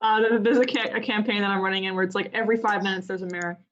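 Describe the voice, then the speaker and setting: Woman, tabletop player, casual, questioning, mid pitch, muffled call audio. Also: steady tone, rapid-fire, a bit bright, slight background noise. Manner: curious, questioning, laughs easily. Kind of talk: casual chat.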